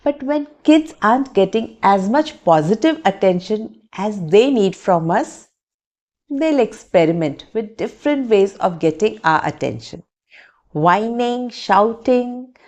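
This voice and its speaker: A woman teacher giving calm, scripted parenting advice in a measured, explanatory way. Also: medium pitch.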